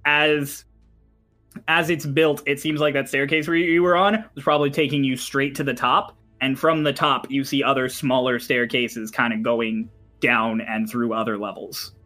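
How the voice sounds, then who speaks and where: A man's voice: mid-range voice, level tone, normal speed, bright, forceful tone, soft background music. A man narrating a tabletop game as game master, in a loose, chatty way with many fillers.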